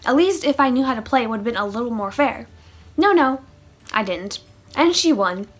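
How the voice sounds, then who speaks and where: A woman's voice: a little high, lively intonation, brisk. A woman chatting through a funny storytime vlog, with sarcastic asides. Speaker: vlogger. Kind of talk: casual storytime monologue.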